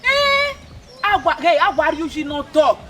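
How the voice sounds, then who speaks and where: A woman's voice: sits high, sing-song, moderate pace. A woman playing an older village elder, lecturing in a mix of pidgin and local words.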